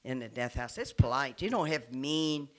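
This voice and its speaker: A nun giving an impassioned public speech to an audience in a room. She is earnest, and her delivery swings from forceful to hushed. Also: very deep voice, expressive, moderate pace.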